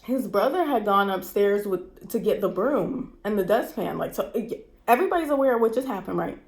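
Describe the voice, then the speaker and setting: A woman's voice: medium pitch, animated, fairly quick, a little mellow. A woman recounts a painful night straight to camera, her voice shaky and stressed. She talks in candid, repetitive bursts, swearing as she goes. The room around her rings with a noticeable echo. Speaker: vlogger. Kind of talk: personal storytime vlog. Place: cold room indoors. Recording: roomy echo.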